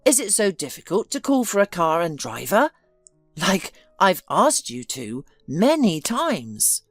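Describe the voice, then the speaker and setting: A woman's voice: lowish voice, sing-song, measured pace, no room sound, faint music behind. A woman voicing a tired, impatient businessman son who talks in a dismissive way. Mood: weary.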